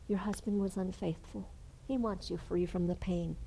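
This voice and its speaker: A woman preaching a sermon and telling a healing story, dropping to hushed whispers and then rising to loud, fervent exclamations. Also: fairly low pitch, fairly even intonation, normal speed, creaky, slight background noise, rough recording. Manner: storytelling with acted quotes.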